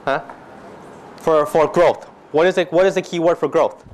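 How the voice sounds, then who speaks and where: A man's voice: a little high, moderate pace. A man teaching a finance class, questioning students constantly and joking between points. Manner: questions students constantly, mixes Thai phrases, jokey. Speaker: finance lecturer. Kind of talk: classroom lecture.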